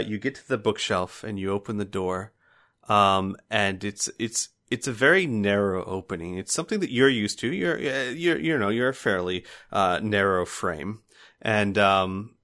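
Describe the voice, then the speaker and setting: A man narrating a tabletop game as game master, halting now and then with fillers. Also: on the low side, pushed and bright.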